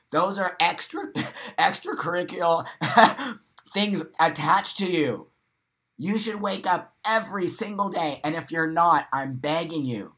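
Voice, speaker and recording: A man's voice: a little high, bright, forceful tone, poor audio. A man hosting a live morning show, talking straight to his viewers in an impassioned monologue. He is emphatic and blunt, swears freely, repeats phrases for stress and laughs between points.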